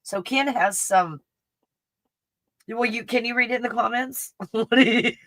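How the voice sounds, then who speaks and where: Bright-voiced, profane woman livestreamer. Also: on the high side, a little slow, no room sound, poor audio. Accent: faint Texas. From Texas. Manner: profane and candid, laughs often. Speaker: livestream host reading viewer comments. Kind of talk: casual livestream chat.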